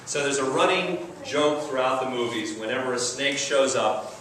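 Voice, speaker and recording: A man's voice: mid-range voice, normal speed, few pauses, distant mic. A man preaching a sermon in a conversational, storytelling way. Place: large echoey church sanctuary. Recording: echoey church recording from afar, faint hiss.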